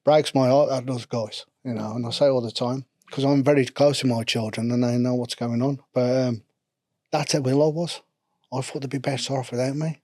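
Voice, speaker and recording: A man's voice: medium pitch, fairly even intonation, fairly quick, dark tone, no room sound, studio quality. A middle-aged man with a local English regional accent, speaking candidly and at length as a podcast guest and mental health instructor. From England. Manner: rambling, earnest, self-deprecating.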